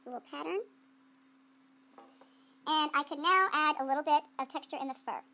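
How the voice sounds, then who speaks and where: A woman's high voice comes across bright and forceful at a normal speed. As an art teacher giving a classroom clay demonstration, she chats playfully, talks herself through the work, and quizzes students in a call-and-response style.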